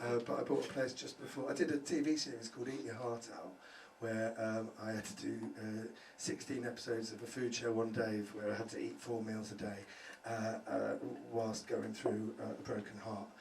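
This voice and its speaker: A man's voice: fairly low pitch, level tone, normal speed, gravelly, few pauses, roomy sound, slight background noise. A male stand-up comedian doing a swearing crowd-work set, tagging lines with "right?" before a laughing audience. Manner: loud, swearing, crowd-work banter with many "right?" tags. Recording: distant mic, audible room ambience.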